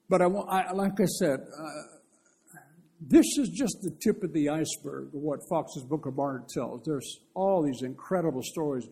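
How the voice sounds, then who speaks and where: A man preaching a conversational sermon, telling stories in a lively, earnest way. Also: on the high side, normal speed, breathy edge.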